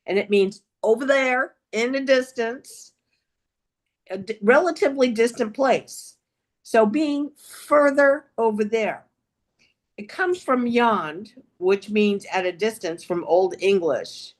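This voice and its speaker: Woman with a playful put-on Southern accent. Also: on the high side. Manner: playful, drawn-out delivery. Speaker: meeting grammarian. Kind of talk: presenting the word of the day.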